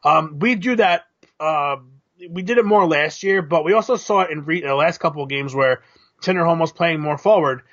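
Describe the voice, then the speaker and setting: A man co-hosting a casual soccer talk show, explaining tactics in a measured, analytical way. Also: a little high, fairly bright tone, highs cut off. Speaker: co-host. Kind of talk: casual chat.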